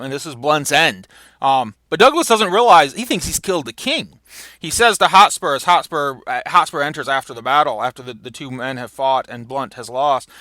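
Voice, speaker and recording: A man giving a recorded literature lecture, animated, with many fillers and restarts. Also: mid-range voice, no room sound.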